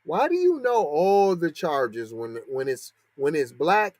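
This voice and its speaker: Sarcastic podcast guy ranting, kinda high voice, dry close sound. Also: big pitch swings, measured pace, darkish tone, dry recording. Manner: sarcastic, mocking, asks a string of rhetorical questions. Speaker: podcast host. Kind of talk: heated commentary on a news story.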